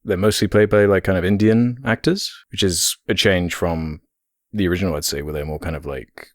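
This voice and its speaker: A man's voice: sits low, fairly even intonation, brisk, no room sound, studio quality. A man co-hosting a podcast in casual chat, laid-back and hesitant, hedging his points. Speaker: podcast co-host.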